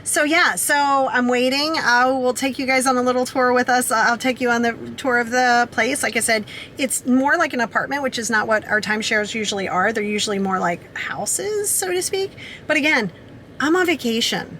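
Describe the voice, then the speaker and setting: A woman's voice: fairly high pitch, moderate pace, fairly bright tone, slight background noise. Chatty upbeat woman vlogger. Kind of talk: casual vlog talk to camera.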